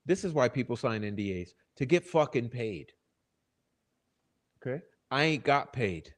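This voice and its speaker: A middle-aged man talking into a desk microphone as host of his own live stream. He swears often and his voice swings between loud, angry rants and quiet, low asides. His pitch sits in the middle for a man. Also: lively intonation, measured pace. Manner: swears often, shifts from loud outbursts to muttering. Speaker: channel host.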